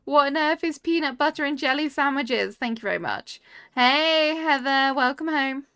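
Young woman, game streamer, casual and giggly, slightly high voice. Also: lively intonation, moderate pace, bright, forceful tone, no room sound, clean studio sound. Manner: chatty, reads and answers chat, giggly. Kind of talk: casual live-stream chat while playing.

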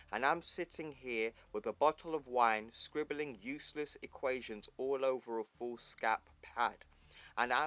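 A man's voice: medium pitch, a bit bright, no echo, close to an everyday voice. A man voicing a frustrated male scientist, reading a complaining rant from a comic in an agitated way.

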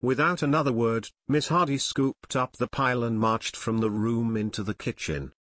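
A man reads a novel aloud in a steady, measured narrator's voice. His pitch is middling, and the close mic leaves the sound dry, with no room echo. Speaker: audiobook narrator. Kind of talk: unabridged audiobook narration.

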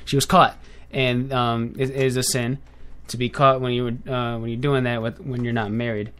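A man's voice: medium pitch, level tone, normal speed, a bit bright, clean tone. A young man with an ordinary mid-range voice hosts a loose online radio chat. He rambles, breaks off and corrects himself as he goes. He speaks to his listeners directly and informally. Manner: rambling, with frequent self-corrections and filler. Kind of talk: casual off-the-cuff talk show. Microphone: headphones with a desk mic.

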